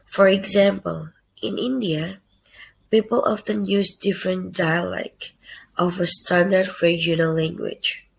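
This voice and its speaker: Young woman reading her class talk, real slow, kinda gravelly. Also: on the low side, low-quality recording. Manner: careful, halting delivery in short phrases. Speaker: student presenter. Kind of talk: read class presentation.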